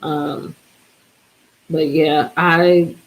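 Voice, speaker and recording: A woman's voice: low voice, little pitch movement, extremely slow, rough recording. A woman chatting casually in a vlog, tired and rambling, trailing off mid-thought. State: exhausted, yawning. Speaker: DIY vlogger. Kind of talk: casual chat.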